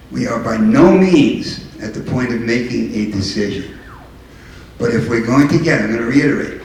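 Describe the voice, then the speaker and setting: A man's voice: mid-range voice, darkish tone. Older man, mayor, earnest speech, repeats himself, distant mic, very echoey hall, faint room hum. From New York City. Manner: earnest, emphatic, repeats and restarts phrases. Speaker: town mayor. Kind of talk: public speech to a local group.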